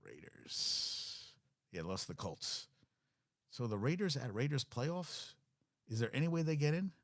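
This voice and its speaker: A man's voice: medium pitch, sing-song, normal speed, no echo, clean studio sound. A man hosting a casual sports talk show, rattling off statistics with blunt, wry asides.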